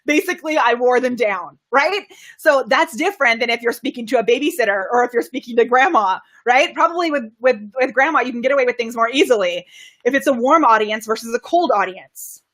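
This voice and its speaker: A bubbly woman coaches viewers on camera during a live stream from her home studio, speaking a little fast in a fairly bright tone. She laughs often, reads out comments, and plays with her pitch and volume to illustrate delivery tactics.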